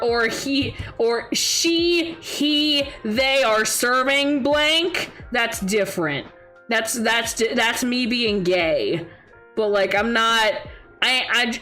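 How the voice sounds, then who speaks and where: Young woman streamer, slightly high voice, rambling casual chat, giggly, faint music underneath. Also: bright, forceful tone.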